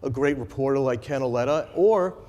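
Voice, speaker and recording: Brief: male moderator, mid-pitched voice, chatty with long winding questions, echoey hall. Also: brisk, dark tone. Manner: chatty, long rambling questions, frequent agreeing backchannel. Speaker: interviewer, head of the organization. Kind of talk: conference stage interview. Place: conference stage.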